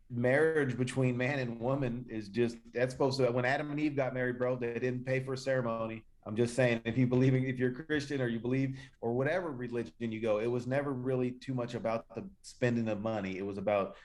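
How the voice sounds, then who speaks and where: A man's voice: medium pitch, steady tone, a little fast, darkish tone. A man co-hosting a podcast, giving loose, rambling opinions full of slang. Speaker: podcast co-host. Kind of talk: casual profane podcast chat.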